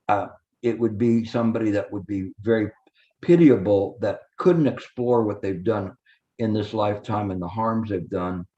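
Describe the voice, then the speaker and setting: A man's voice: lowish voice, mellow. A male meditation teacher giving a dharma talk, earnest, repetitive and coaxing, on a dull lo-fi recording.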